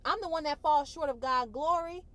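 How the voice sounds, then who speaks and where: This is a high-pitched woman at a normal speed, a vlogger giving a heartfelt personal testimony while trying not to cry. She talks colloquially and expressively, repeating words to drive her point home.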